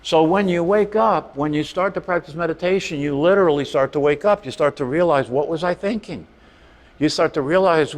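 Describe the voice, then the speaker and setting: A middle-aged man teaching a meditation class in a conversational way, often tossing rhetorical questions to the listeners. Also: a little high. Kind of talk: meditation talk. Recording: long reverb of a hall.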